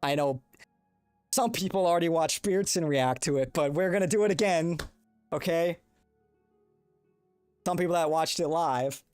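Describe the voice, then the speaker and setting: A man's voice: fairly high pitch, normal speed, pauses often, darkish tone, smooth, no echo, soft background music. A young man hosting a casual livestream, rambling and swearing as he chats with viewers into a desk mic. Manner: rambling, profane, talks to chat. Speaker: livestream host. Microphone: desk microphone with compressor.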